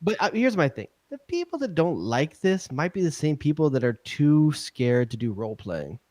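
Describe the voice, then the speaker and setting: A man's voice: a little high, sing-song, normal speed, darkish tone, dry recording. Wisecracking American man co-hosting. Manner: wisecracking, loose and rambling. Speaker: co-host. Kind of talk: casual sports talk show banter.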